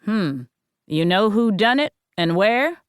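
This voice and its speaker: A gruff old-time Southern sheriff, blunt and folksy, slow and suspicious in every word, as a woman narrator puts him on. He speaks at a leisurely pace in a dry, close recording with no room around it. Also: medium pitch, animated, no room sound. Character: gruff drawling male small-town Southern sheriff.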